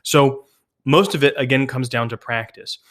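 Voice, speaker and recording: Measured man lecturing on speech delivery. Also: medium pitch, fairly bright tone. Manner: measured, thoughtful, explanatory, with small restarts. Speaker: rhetoric instructor.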